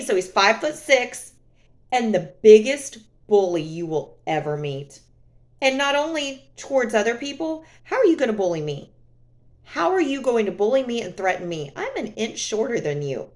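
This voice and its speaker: A woman vlogging to camera in a casual, sarcastic, exasperated way. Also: a little high.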